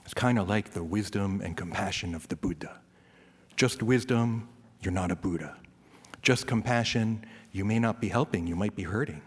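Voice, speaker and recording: A man giving an informal, self-deprecating Dharma talk, peppered with "right?" asides and rising into animated rants. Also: fairly low pitch, normal speed, breathy edge. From US East Coast. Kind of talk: informal sermon. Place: temple hall. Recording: reverberant hall.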